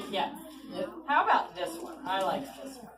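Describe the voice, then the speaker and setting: A woman author reads a story to children at an ice cream shop, speaking a little slowly in a mid-range voice. She's animated and coaxing, constantly asking the kids questions. The recording is distant and echoey, with clear chatter and background noise.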